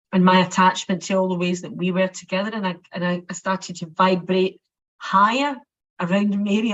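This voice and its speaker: A Scottish woman speaks in a middle-pitched voice, sharing personal reflections in a halting way and often repeating words. The recording is muffled and lo-fi. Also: fairly bright tone. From Scotland. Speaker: workshop participant. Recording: muffled lo-fi audio.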